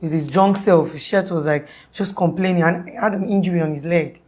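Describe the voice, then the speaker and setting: Her voice lowish and darkish, her pace fairly quick, a young woman tells an interviewer about an emergency. The account is casual and meandering, broken by frequent restarts and many "like"s.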